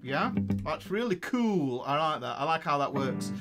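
A man's voice: fairly high pitch, sing-song, moderate pace. A man giving a casual guitar lesson, chatty and upbeat, laughing and talking while he plays. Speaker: guitar teacher. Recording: faint guitar music behind. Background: guitar playing.

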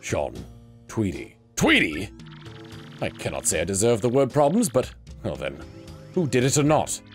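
A man's voice: on the low side, huge pitch swings, moderate pace, soft background music. A man voicing a pompous male penguin detective in a comedic video game voice-over, with a stuffy, self-important drawl.

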